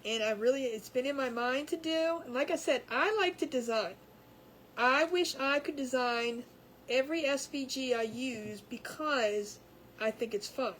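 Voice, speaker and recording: A woman's voice: a little high, a little hiss or hum, rough recording. A woman hosting a home craft livestream, chatting casually with viewers, rambling and laughing often. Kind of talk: casual chat with live viewers.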